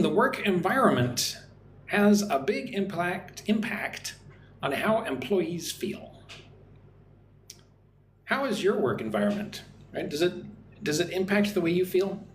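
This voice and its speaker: A man gives a friendly live-streamed English lesson from home in Vietnam, pronouncing words slowly and carefully and tacking on "right?" again and again. His voice is slightly high, and there's a bit of hiss or hum. The recording sounds echoey, with faint ambient noise.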